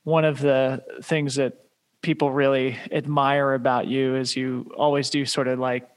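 A man's voice: mid-range voice, level tone, measured pace. A man hosting a podcast, asking long, admiring questions with lots of hedging words. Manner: admiring, rambling questions with hedges. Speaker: podcast host. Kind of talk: casual interview chat.

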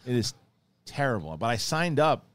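A man hosting a podcast, chatting casually in a rambling, animated way with many restarts. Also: medium pitch, normal speed, dry recording. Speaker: podcast host. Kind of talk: casual chat.

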